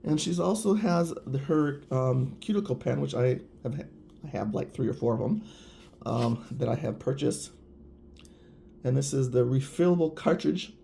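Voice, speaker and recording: Guy chatting away reviewing nail stuff, super gravelly, faint noise behind. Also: mid-range voice, normal speed, dark tone. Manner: gushing, chatty, addresses viewers directly. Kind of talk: casual product review vlog.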